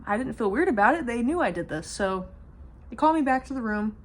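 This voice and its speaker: A woman's voice: a little high, lively intonation, fast. A woman vlogger telling a personal story in casual, rambling speech, slipping in humor and nervous laughs as she goes. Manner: rambling, many fillers and restarts.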